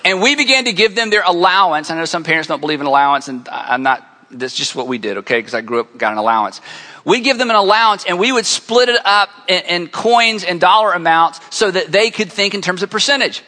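A middle-aged man preaching a conversational sermon to a congregation, telling stories with lively energy. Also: high voice, fast talker. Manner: conversational, animated storytelling. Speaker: pastor. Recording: long hall reverb.

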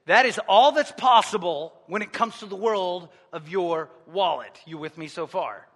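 Preacher man, bright, in a reverberant hall. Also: sits high, lively intonation, normal speed. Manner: conversational preaching with jokes, swinging from loud to quiet. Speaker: pastor. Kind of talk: sermon. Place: church sanctuary.

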